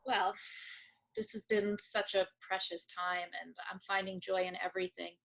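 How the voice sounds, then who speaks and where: A woman in her forties from Long Island, a podcast guest chatting casually and telling lively stories. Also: mid-range voice, normal speed, creaky. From Long Island, New York. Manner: lively storyteller, laughing often. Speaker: guest, salon owner. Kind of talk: casual interview chat.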